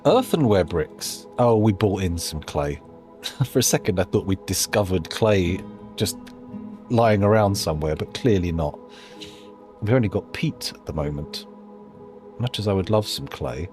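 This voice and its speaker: A man with a low voice chats through a live gameplay stream, his pitch swinging about as he thinks out loud. He rambles and pokes fun at himself, with faint game music running underneath. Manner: rambling, musing aloud, self-deprecating asides. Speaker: streamer playing a colony-building game.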